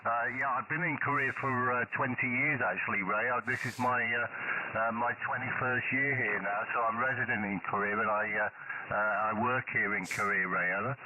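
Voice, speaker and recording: A man's voice: mid-range voice, fairly even intonation, moderate pace. A British man, a ham radio operator, chatting casually over the air with many hesitations. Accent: British English. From United Kingdom. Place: home station in South Korea. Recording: tinny noisy shortwave radio signal.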